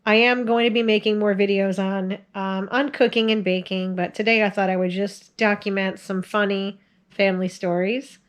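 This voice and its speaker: Speaking at a moderate pace, this forties-aged woman shares family stories on video in a relaxed, chatty manner, breaking into laughter frequently. Her pitch is medium and her intonation stays fairly even.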